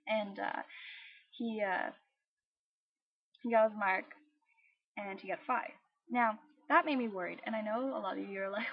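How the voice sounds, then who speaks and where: A woman's voice: medium pitch, normal speed, long pauses. Young woman vlogger, bubbly storyteller, muffled lo-fi webcam sound. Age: young adult. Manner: bubbly, acts out voices of others. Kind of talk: casual storytelling vlog. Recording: dull lo-fi webcam audio.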